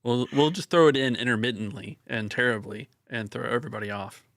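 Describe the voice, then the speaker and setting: Gravelly man in casual game talk. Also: mid-range voice, a little fast, fairly bright tone, no room sound, studio quality. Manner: self-deprecating, joking. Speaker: player. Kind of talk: casual tabletop game chat.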